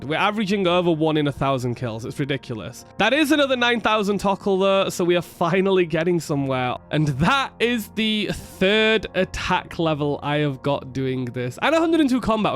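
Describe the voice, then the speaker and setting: A man talking through his game session in a chatty, excitable, self-deprecating way as a gaming video creator. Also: high-pitched. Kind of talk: casual gameplay commentary.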